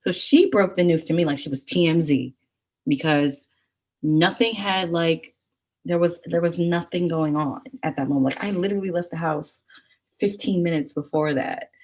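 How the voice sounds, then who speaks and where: A woman's voice: fairly low pitch, moderate pace, a little mellow. A woman telling stories in casual chat, rambling and chatty with many fillers.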